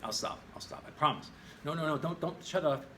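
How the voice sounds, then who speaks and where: A male chemistry teacher recording a lesson at a whiteboard in his classroom, playful and jokey, often jumping into high exclamations. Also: steady tone, fairly quick, very noisy. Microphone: camera in the room.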